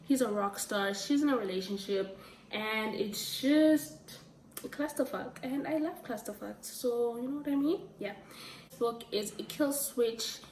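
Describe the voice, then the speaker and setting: A woman's voice: on the high side, measured pace, darkish tone, a little hiss or hum. A young woman from South Africa chatting casually as a book vlogger, full of "like" and "um", often giggling. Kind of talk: casual book review chat. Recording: roomy echo, mic at a distance.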